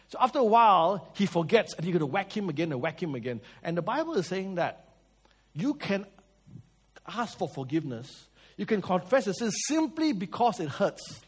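A man preaching a sermon, telling stories and asking the audience questions, moving between loud and soft. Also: high-pitched, breathy edge. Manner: lively storytelling, swings between loud and soft.

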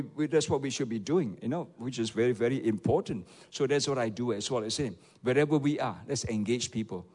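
A man's voice: mid-range voice, a little mellow, big-room sound. A man with a Malaysian English accent, a pastor preaching a sermon and often calling on the congregation to respond. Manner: rhetorical, repeatedly asks the audience for replies.

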